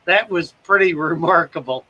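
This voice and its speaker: A man's voice: a little high, moderate pace, lo-fi sound, a crowd in the background. A man hosting a casual livestream, greeting viewers by name and rambling with self-deprecating jokes. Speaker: livestream host. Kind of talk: casual chat reading viewer comments.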